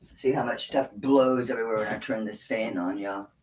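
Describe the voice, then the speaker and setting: A woman's voice: extremely low pitch, moderate pace, darkish tone, slight background noise, low-quality recording. A woman, chatting casually and folksily as she sells jewelry on a live stream.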